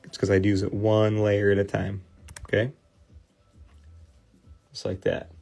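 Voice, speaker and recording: A man with a Midwestern American accent, in his thirties, chats through a casual livestream as he works. His voice sits a little low, and he rambles in a friendly way with plenty of fillers and restarts. Soft music plays quietly behind him. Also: completely flat delivery, unhurried, creaky. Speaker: host of a card cleaning livestream. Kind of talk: casual livestream chat while working.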